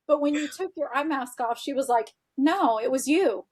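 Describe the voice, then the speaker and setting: A woman guest on a podcast, chatty and animated, sprinkling in "like" and acting out what people said as she tells a personal story. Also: sits high, normal speed, hardly any pauses. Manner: animated, chatty, frequent "like" fillers, acts out quoted dialogue. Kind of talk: casual storytelling in a podcast interview.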